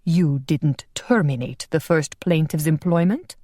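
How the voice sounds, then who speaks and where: A woman narrator voicing a stern, weary male leader who presides like a judge in a measured, quiet way. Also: sits low, dry recording, studio quality.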